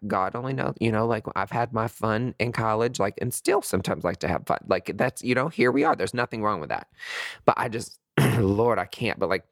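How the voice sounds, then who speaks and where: A man talking candidly to his viewers in a sassy, animated way, full of swearing and pet names, with sudden high squeals of disgust. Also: no echo, studio quality. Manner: very expressive pitch swings, high squeals of disgust. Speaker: vlogger sharing dating opinions.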